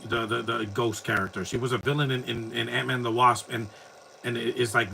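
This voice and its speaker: Male host, casual watch-along commentary, bright forceful voice, opinionated and rambling, faint noise behind. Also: mid-range voice, level tone, fairly quick, gravelly, poor audio.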